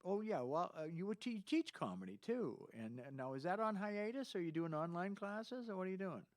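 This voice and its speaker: A man's voice: high voice, lively intonation, brisk. A man hosting a casual chat, telling rambling anecdotes. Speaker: host.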